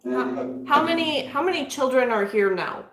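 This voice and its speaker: A woman's voice: sits high, expressive, normal speed, a bit bright, echoey room, poor audio. A woman chatting casually during a ghost-hunting session at a house. She keeps trailing off and restarting, and she stops to ask the spirits questions. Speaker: paranormal investigator. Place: room inside a house.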